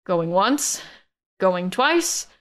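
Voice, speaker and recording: A woman's voice: medium pitch, very animated, drawn-out words. A woman voicing a cold, grudging father. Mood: flat announcing. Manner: formal, unenthusiastic announcer. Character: cold, aloof middle-aged father, male.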